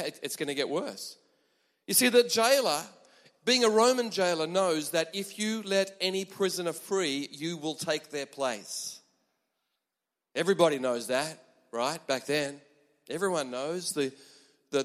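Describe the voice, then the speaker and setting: A man preaching a sermon, emphatic and animated, with chatty asides to the congregation. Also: sits high, in a large hall.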